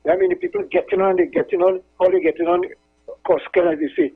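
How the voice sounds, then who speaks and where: A man's voice: sits high, wildly swooping pitch, fast talker, creaky, slightly rough, soft background music. A man calling into a talk show, rambling and repeating himself as he tells stories. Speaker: caller. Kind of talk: casual call-in chat. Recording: tinny phone line.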